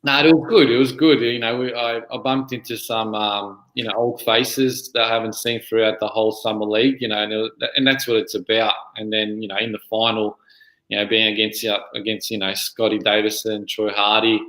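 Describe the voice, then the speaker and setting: An Australian man in his thirties chats as a guest on a podcast, rambling along with plenty of filler words. His voice is bright and forward, and it rings in an echoey room. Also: fairly low pitch, fairly even intonation, a little fast. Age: 30s. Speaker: guest player and junior coach. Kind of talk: casual interview chat.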